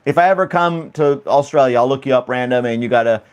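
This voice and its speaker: A man's voice: medium pitch, fast talker, smooth, lo-fi sound. A man hosting a casual chat stream, laughing often and rambling through questions to his viewers. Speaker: livestream host reading chat.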